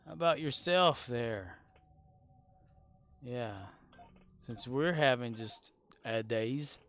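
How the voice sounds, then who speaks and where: A man's voice: mid-range voice, slow, fairly bright tone. Young male streamer, casual chat, rambling jokes, crude asides. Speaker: livestreamer. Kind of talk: casual livestream chat while gaming.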